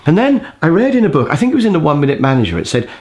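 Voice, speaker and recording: A man's voice: a little high, sing-song, rapid-fire, darkish tone. A man teaching a leadership lesson, telling a personal work story in a conversational way. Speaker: leadership course instructor. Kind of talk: lecture with a personal anecdote.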